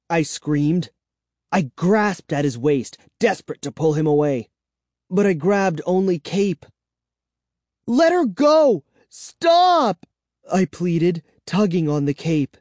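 A reader narrating a first-person children's story in a measured, even storytelling voice. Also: medium pitch, dry recording, studio quality. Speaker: audiobook narrator.

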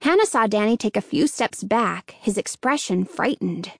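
A woman narrating a children's chapter book in a steady, clear storytelling manner. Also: mid-range voice, moderate pace, no echo, studio quality. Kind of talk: scripted audiobook narration.

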